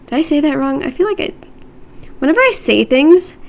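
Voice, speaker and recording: Woman streamer, casual rambling chat from her room, playful and self-mocking, raised pitch with a creaky edge. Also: animated, fairly quick.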